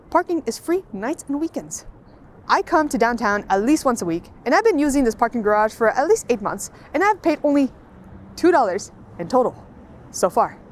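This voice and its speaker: Sarcastic, high-voiced woman ranting. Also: darkish tone, slight background noise. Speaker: video essay host. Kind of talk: scripted voice-over commentary.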